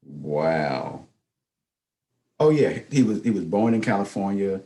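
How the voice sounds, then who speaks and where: A man co-hosting a movie podcast in casual chat, laid-back and measured, with drawn-out fillers. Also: sits low, expressive, mellow. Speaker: podcast co-host.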